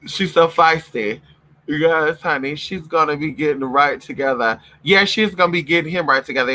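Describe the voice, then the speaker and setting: A man with a very bright, sharp-edged voice that sits a little high for a man. He talks to his viewers in a loose, profane late-night vlog chat, calling them honey and y'all. He also coos at and scolds his puppies in a playful pet-talk voice. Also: normal speed, rough recording. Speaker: vlogger.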